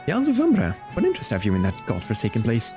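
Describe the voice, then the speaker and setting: A man's voice: medium pitch, wildly swooping pitch, racing, over music. A man voicing a grim, bitter local man with a raised, solemn and dramatic delivery. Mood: ominous.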